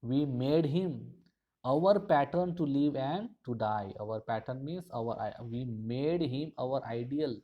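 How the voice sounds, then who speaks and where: A man's voice: medium pitch, highs cut off. A male college teacher, explaining a poem line by line and restating each phrase again and again. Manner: slow, repetitive explanation with frequent restatements.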